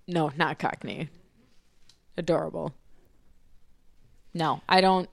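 A woman's voice: deep voice, takes it slowly, creaky, dry recording. A woman chatting casually on a podcast, bubbly and gushing, laughing often.

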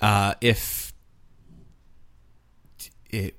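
A man's voice: lowish voice, level tone, drawn-out words, a bit bright, smooth. A man co-hosting a casual group chat during a word game, joking and bantering wryly.

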